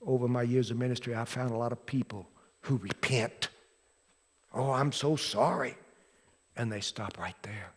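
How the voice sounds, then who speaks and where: A man preaching a sermon as pastor, telling the story dramatically and swinging from loud to hushed. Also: mid-range voice, brisk, husky. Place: church sanctuary. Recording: long hall reverb from a church.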